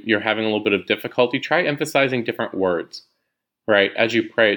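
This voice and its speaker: A man hosting a podcast, explaining a prayer practice in a relaxed, conversational teaching style with frequent fillers and restarts. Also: on the low side. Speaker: podcast host.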